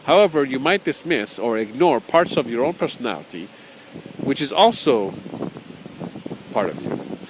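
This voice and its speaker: A man's voice: mid-range voice, big pitch swings, normal speed, pauses often, background noise. A man teaching an informal spoken course, talking conversationally, repeating phrases and chuckling often, sometimes reading from his own book. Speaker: spiritual teacher.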